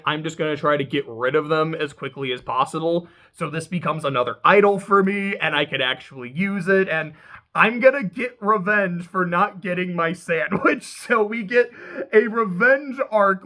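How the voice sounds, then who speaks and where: Man, fairly high voice, rambling casual recap, swears and laughs a lot. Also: fairly bright tone. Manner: rambling, profane, laughs often, quotes people in quick paraphrase. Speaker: podcast host recapping a reality show.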